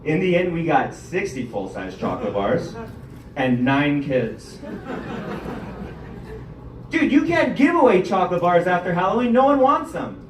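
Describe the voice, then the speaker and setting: A man's voice: sits high, sing-song, a little slow, pauses often, echoey room, recorded from a distance, a little hiss or hum, low-quality recording. A young man hosting a comedy show and doing stand-up, telling self-deprecating stories with acted-out quotes. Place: comedy club stage.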